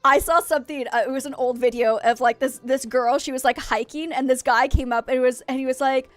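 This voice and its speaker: A woman's voice: sits high, steady tone, no room sound. Chatty woman streamer. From United States. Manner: chatty, frank, quick to vent. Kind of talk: casual chat with viewers.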